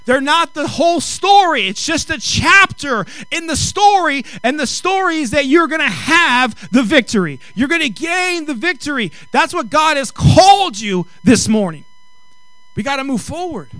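A middle-aged male pastor preaching a sermon with comic storytelling, animated and acting out dialogue. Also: extremely high pitch, moderate pace, no room sound, rough recording. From Mexican heritage. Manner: animated, acts out quoted dialogue, rising to exclaim.

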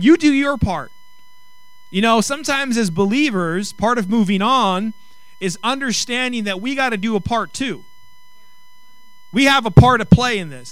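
A man preaching a sermon, emphatic, rising to loud, drawn-out phrases on key lines. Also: extremely high pitch, smooth, no echo.

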